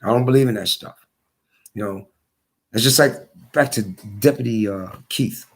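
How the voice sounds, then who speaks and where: Hoarse, gravelly-voiced man ranting. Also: fairly low pitch, normal speed. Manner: repetitive, emphatic storytelling. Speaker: vlogger. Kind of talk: casual monologue.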